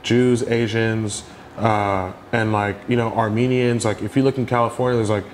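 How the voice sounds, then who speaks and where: A young man telling stories in a casual interview, animated and full of "like" fillers. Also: fairly low pitch, normal speed, slight background noise. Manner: animated storyteller, heavy "like" fillers. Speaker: podcast guest.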